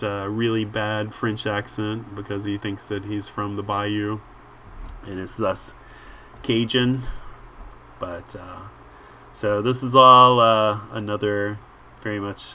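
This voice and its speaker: Slow, low-voiced man reading a comic. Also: pushed and bright, a little hiss or hum. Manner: unhurried, musing, with filler words. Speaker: comic book reader and commentator. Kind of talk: reading a comic aloud with commentary.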